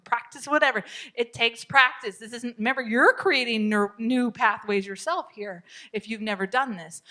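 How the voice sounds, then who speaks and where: A woman teaching a parenting class at a church, speaking with a somewhat high voice. She keeps circling back to the same advice to drive it home. Her manner is encouraging, and light laughter runs through her teaching. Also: bright, forceful tone. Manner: encouraging, repeats key points, laughs often. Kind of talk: live parenting class talk.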